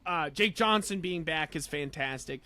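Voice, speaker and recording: A man talks through a movie with a podcast co-host, excitable and rambling, tripping over names and restarting his sentences. His voice sits fairly high for a man. The sound is dry and close, with no room around it. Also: normal speed, no room sound. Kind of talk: casual film review chat.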